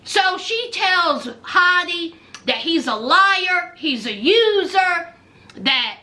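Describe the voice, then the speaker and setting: A woman with a very high, bright voice, recapping reality TV for her viewers. She talks slowly, with a lively, swooping delivery and full of sassy, sarcastic asides. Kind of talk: casual reality show recap commentary.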